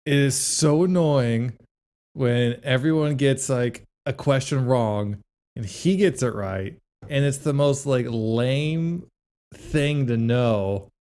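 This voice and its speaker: A man with a medium-pitched voice, telling animated stories in casual podcast chat. He slips into quick impressions of friends as he talks. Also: clear, resonant tone. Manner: animated storytelling, acts out quotes, laughs often. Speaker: podcast co-host.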